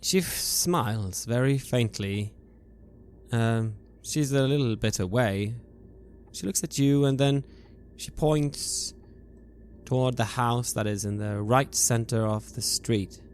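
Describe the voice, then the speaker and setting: A man running a tabletop horror game as game master, narrating scenes in a slow, hushed way with small hesitations. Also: mid-range voice, a little hiss or hum.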